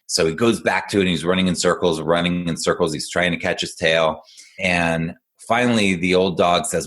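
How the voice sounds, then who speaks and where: At a moderate pace, a man with a very low voice thinks aloud as an executive function coach on a relaxed podcast. He encourages patiently while explaining and brings energy to his stories.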